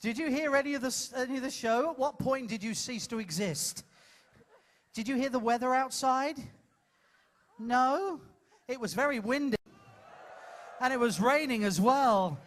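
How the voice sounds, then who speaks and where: A man's voice: extremely high pitch, normal speed, pauses often, a bit bright. A man hosting a live comedy show, coaching a volunteer from the audience with playful, teasing patter on a cruise ship stage.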